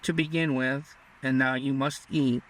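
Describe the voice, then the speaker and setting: A man reading the part of a sweet young frontier maiden who speaks in a low, composed voice. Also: fairly even intonation, unhurried, fairly bright tone, natural voice. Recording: distant mic.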